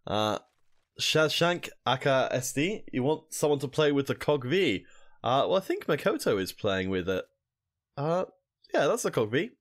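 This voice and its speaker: A man's voice: medium pitch, big pitch swings, moderate pace. A young man casting a mobile shooter tournament alone, chatting with viewers in between plays. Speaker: esports caster. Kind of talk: solo esports commentary reading chat.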